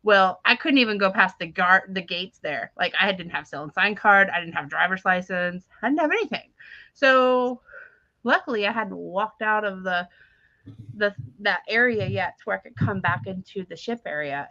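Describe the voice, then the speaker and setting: A young woman chats casually on a podcast, telling her stories with lots of laughter and acted-out quotes. Her voice is bright and the sound is dry and a little dull. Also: mid-range voice, normal speed, no echo. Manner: animated storytelling, laughs often, acts out quotes. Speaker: podcast co-host. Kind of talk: casual chat.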